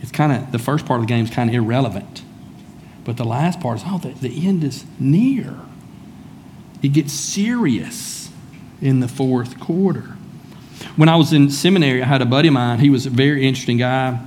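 A man's voice: medium pitch, a little fast, darkish tone, slight background noise. A man preaching a sermon in a church, speaking conversationally and calling on listeners by name. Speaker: pastor.

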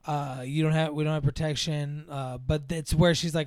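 A man's voice: fairly high pitch, fairly even intonation, normal speed, smooth, no room sound, clean studio sound. A man in casual chat recapping a film's plot, rambling with lots of fillers and acting out the characters' lines.

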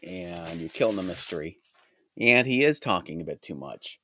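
A man hosting a solo podcast with a groggy, hoarse voice from a cold, talking in a rambling, reflective way. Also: deep voice, lively intonation, normal speed, pushed and bright, a little hiss or hum. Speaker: podcast host. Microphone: studio mic.

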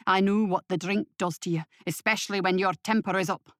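A woman's voice: mid-range voice, steady tone, brisk, fairly bright tone, dry recording, clean studio sound, lightly acted. A woman reading the part of a blunt, wary Scottish man in an audio story, with a Scottish accent. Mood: suspicious. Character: Scottish man, gruff suspicious partner.

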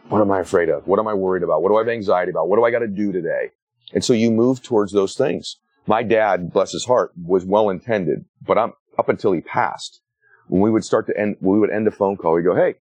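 A man in his forties, an author talking about his book in a casual interview, with an animated way of making points. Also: husky, no echo, muffled recording. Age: 40s. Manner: animated storyteller, rises sharply in pitch to make a point. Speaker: author and guest.

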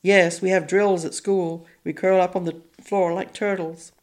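A woman's voice: lowish voice, little pitch movement, unhurried, darkish tone, natural voice. A woman reading an audiobook, voicing a frank, chatty young American girl.

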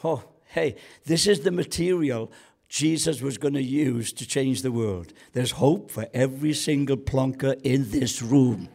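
A man's voice: medium pitch, a little slow, vocal fry, a little mellow. A man preaching a sermon as a guest pastor, colloquial and joking, building to passionate calls to the congregation.

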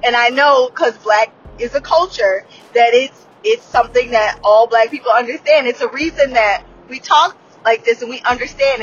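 Her voice on the high side and fairly bright, a late-30s TV reviewer goes over an episode in a loose, frank way. She laughs often, swears freely and keeps restarting her sentences, and the audio is dull with slight background noise.

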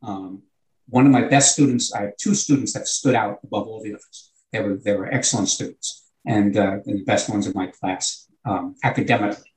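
An older man with a New York accent, a retired teacher, tells a long, earnest anecdote as part of a conversation. His voice is on the low side, steady and a little mellow, and he speaks briskly. The recording is rough.

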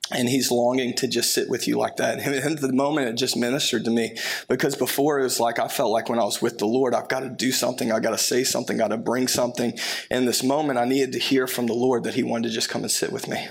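A man preaching a sermon in a relaxed, conversational way, with friendly asides and filler words. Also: medium pitch, vocal fry. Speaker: pastor.

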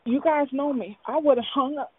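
A woman calling in to share her testimony, speaking in an emotional, halting, earnest way. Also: sits high, no room sound. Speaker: caller. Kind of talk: testimony and prayer on a call. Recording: tinny phone line.

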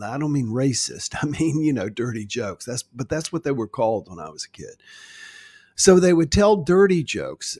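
Slow, husky-voiced man coaching listeners. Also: medium pitch. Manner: calm, coaching listeners through exercises. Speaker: wellness guide. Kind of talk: guided self-help talk.

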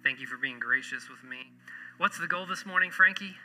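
A middle-aged man preaching a sermon in a church, telling jokes and stories with an animated delivery. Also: medium pitch, fairly quick, poor audio. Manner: jokey, animated storyteller. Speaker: pastor.

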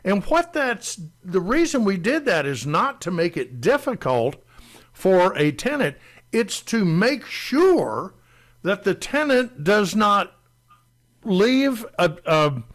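A man co-hosting a talk show, explaining rental rules in a deliberate way and stressing key words. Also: high-pitched. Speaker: landlord co-host explaining rental law.

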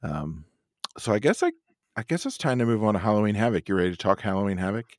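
A man's voice: on the low side, big pitch swings, fast, dry recording, studio quality. A man co-hosting a podcast in a casual chat, joking and easygoing, laughing often. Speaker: podcast co-host.

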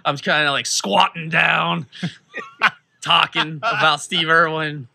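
Young podcast co-host, bright, slightly high voice, rambling, animated storytelling. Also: male voice, slow pace, gravelly. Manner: rambling, animated storyteller who laughs a lot. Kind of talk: casual chat, played as an old episode clip.

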